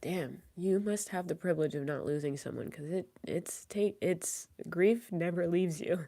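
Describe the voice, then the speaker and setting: Woman streamer, teary and fragile, low-ish voice, halting and soft, slipping into whispers. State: crying. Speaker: livestreamer. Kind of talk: tearful live stream chat.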